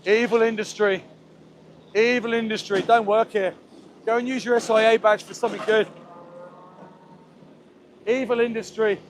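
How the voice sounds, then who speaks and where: A man's voice: high voice, level tone, normal speed, long pauses, slight background noise. A man hosting an activist livestream outdoors, speaking in an impassioned, pleading, repetitive way into a handheld phone. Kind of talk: impassioned live street commentary. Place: outdoors near a slaughterhouse.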